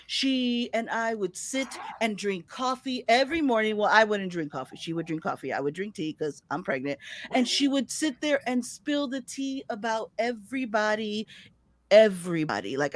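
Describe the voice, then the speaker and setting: A woman telling a personal story on stage, chatty and direct with her audience. Her pitch swings widely as she goes, and the sound is dry and close. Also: no room sound. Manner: animated, conversational, addresses audience as y'all.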